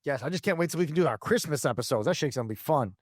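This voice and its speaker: A man in his thirties co-hosts a casual podcast in a fairly high voice. He rambles, restarts his sentences and swears freely, with a dry close-mic sound. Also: lively intonation, very fast, no room sound. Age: 30s. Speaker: podcast co-host. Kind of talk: casual chat.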